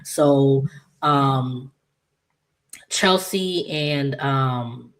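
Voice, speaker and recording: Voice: mid-range voice, extremely slow, fairly bright tone. A channel host casually recapping a soap opera episode, rambling with many "um"s and "she was just like," and quoting the characters as they go. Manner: retells scenes by quoting characters in their voices.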